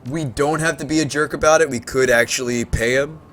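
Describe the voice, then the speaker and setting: A man's voice: medium pitch, fairly even intonation, fairly quick, fairly bright tone. A man streaming a game, chatting casually and thinking aloud as he plays. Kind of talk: casual gameplay chat.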